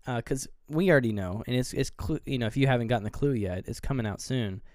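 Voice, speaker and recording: A man's voice: medium pitch, fast talker, a little mellow, no echo, clean studio sound. A man co-hosting a podcast, casually retelling movie scenes in a rambling way and briefly mimicking the characters. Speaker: podcast co-host. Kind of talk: casual movie review chat.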